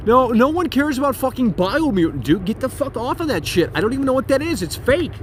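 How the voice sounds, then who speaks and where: High-pitched man, brash profane ranting, outdoors on a phone, casual livestream host. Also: very animated, fast talker, a little hiss or hum. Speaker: streamer and host.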